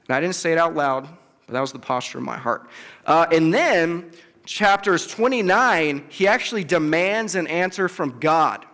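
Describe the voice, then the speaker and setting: Young male preacher, high voice, casual and animated, reverberant hall. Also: normal speed. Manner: conversational, acts out biblical quotes with emphasis. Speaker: campus ministry speaker. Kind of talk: casual sermon. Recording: long reverb of a large hall.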